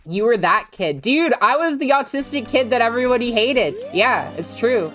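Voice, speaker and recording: A woman's voice: a little high, expressive, moderate pace, hardly any pauses, a bit bright, faint music behind. A woman casually chatting and swearing while streaming a video game, rambling with frequent laughs.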